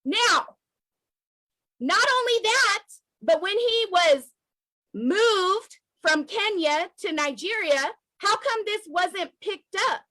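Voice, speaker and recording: A very high, bright-toned woman speaking with fervent emotion, hammering her points home by saying them twice. Her voice is crisp and forceful, recorded close and dry with no room echo. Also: expressive, takes it slowly. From United States. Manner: emotional, emphatic, repeating for emphasis. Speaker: activist commentator. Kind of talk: impassioned video commentary.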